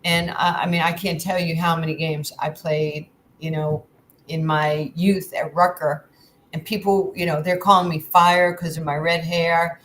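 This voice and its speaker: A woman's voice: low voice, measured pace, a little hiss or hum, rough recording. A woman in her sixties from New York, a guest telling candid stories in casual chat and acting out the dialogue. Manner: lively, candid storyteller acting out quoted dialogue. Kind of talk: casual storytelling.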